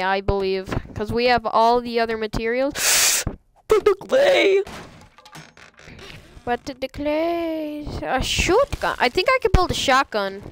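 A woman doing live gameplay commentary, goofy and excitable, often squealing and laughing at her own jokes. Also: high-pitched, slight background noise. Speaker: game streamer.

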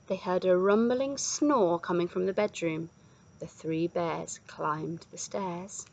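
A woman reading a children's storybook aloud with an animated, expressive delivery. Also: fairly low pitch, slow, vocal fry, rough recording.

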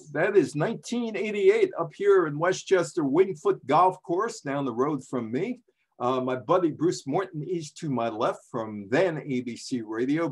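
A man's voice: mid-range voice, slightly rough. A man in his seventies from the New York area, a journalist telling sports history in a chatty, digressive way. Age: 70s. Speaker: sports journalist giving a talk. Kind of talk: casual storytelling talk.

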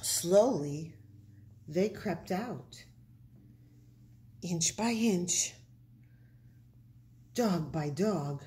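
A woman reads a children's picture book aloud at a very slow, deliberate pace. Her voice leaps and dips with lively expression, playing up every sound effect. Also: fairly low pitch. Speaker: storybook reader.

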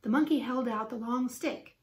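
A woman teacher reading a children's book aloud with lively, expressive storytelling. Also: on the high side, moderate pace. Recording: roomy echo.

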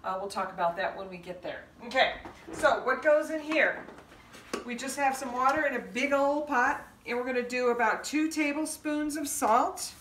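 A woman's voice: sits high, moderate pace, a bit bright, slight background noise. A woman hosting a home cooking show, talking in a chatty, folksy way as she walks through each step. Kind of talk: casual cooking demonstration. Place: home kitchen. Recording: echoey kitchen, mic a bit far off.

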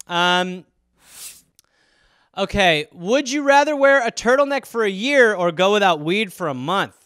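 High, lively-voiced comedian riffing solo. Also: male voice, smooth, no room sound, studio quality. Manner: rambling, profane, animated storytelling with quick voice impressions. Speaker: podcast host.

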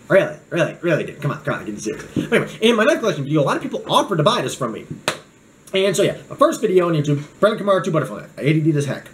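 A young man chats to camera in a loose, goofy vlog, and his pitch jumps up and down all the time. He jokes and wanders off on tangents, and there is a faint background hiss. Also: rough recording. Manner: goofy, joking, drifts off on tangents. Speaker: knife reviewer. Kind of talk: casual rambling vlog.

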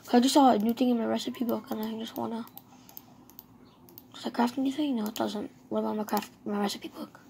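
A woman giving casual, excitable commentary while she plays a game, talking to herself. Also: fairly high pitch, fairly quick, vocal fry, a little hiss or hum. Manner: chatty, excitable, talks to herself. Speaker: gamer.

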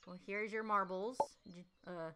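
A woman's voice: mid-range voice, fairly even intonation, measured pace, heavy background noise. A woman voice-over artist giving chatty let's-play commentary while playing a puzzle game, reacting aloud with gasps and exclamations. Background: game music.

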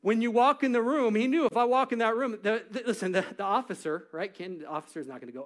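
A middle-aged man preaching a sermon in church, acting out quotes and swinging from loud to hushed. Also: sits high, fast talker, few pauses. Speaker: pastor. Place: church stage.

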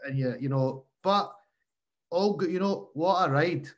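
Podcast host, man, slightly high voice, easygoing interviewer. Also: a little slow. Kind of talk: casual interview.

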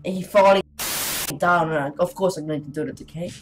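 A woman's voice: fairly low pitch, moderate pace, background noise. A woman giving casual commentary while playing a horror game, chatty and talking to her viewers, jumpy and easily startled, with nervous laughter.

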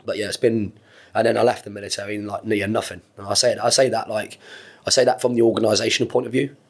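Here the ex-Marine, in his thirties, talks fast in a lowish, flat voice with a breathy edge. As a podcast guest in a candid interview, he goes on at length, rambling, earnest and sometimes cursing.

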